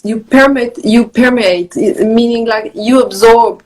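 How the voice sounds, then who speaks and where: A woman's voice: a little high, steady tone, slow pace, darkish tone, rough recording. French-accented woman talking about meditation. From France. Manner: earnest, flowing, repeats words. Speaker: guest, wellness author. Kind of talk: casual video chat on meditation. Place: countryside home. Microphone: video call.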